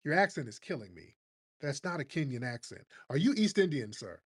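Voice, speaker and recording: A man's voice: on the high side, big pitch swings, fairly quick, slightly rough. A man hosting a live online audio room, talking in a mocking, combative way and calling listeners family. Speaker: host. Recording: remote live-stream audio.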